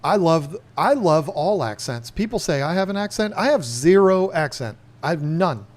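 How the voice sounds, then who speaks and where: Man, fifties, podcast co-host, casual rambling chat, upbeat, slightly high voice. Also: expressive, moderate pace. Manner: rambling, enthusiastic.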